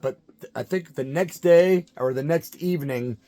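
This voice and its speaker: A middle-aged man hosting his channel, telling a story in an animated, hyper way and acting out the quotes. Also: fairly high pitch, moderate pace. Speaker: channel host. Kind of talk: storytelling monologue.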